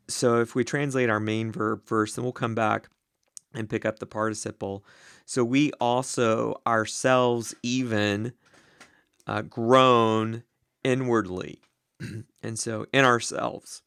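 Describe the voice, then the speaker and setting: A man teaching the Greek grammar of a Bible passage, slow and deliberate, with many ums and uhs. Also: fairly low pitch, gravelly, fairly bright tone, smooth, no echo, studio quality.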